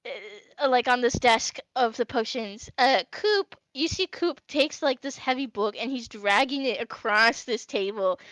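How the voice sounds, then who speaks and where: A woman's voice: fairly high pitch, unhurried, hardly any pauses, a bit bright, no room sound. A woman narrating as game master of a tabletop game, hesitant and full of fillers.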